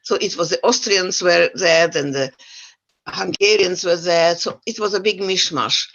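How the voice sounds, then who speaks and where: Older woman with a central european accent, animated storyteller, dull lo-fi call audio. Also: lowish voice, measured pace. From Yugoslavia. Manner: animated storytelling with wry humor. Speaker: guest speaker. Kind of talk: talk to an online audience.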